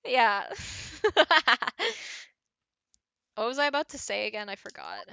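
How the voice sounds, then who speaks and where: A woman's voice: fairly high pitch, expressive, takes it slowly, creaky, long pauses, sharp tone, clean tone, dull audio. A young woman streaming a game, chatting casually with giggly, crude, self-mocking asides.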